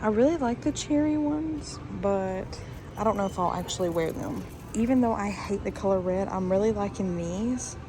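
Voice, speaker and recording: A woman's voice: mid-range voice, normal speed, noisy background. A young woman in her twenties talking casually to camera in a personal vlog, confiding and emotional. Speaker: vlogger. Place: store aisle, indoors. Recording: faint background music.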